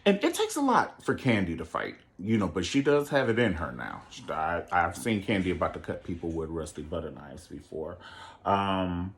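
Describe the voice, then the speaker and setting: A man's voice: deep voice, big pitch swings, normal speed. A man giving a sassy, theatrical solo recap of a reality show, acting out quotes with big jumps in his voice. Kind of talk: animated solo commentary.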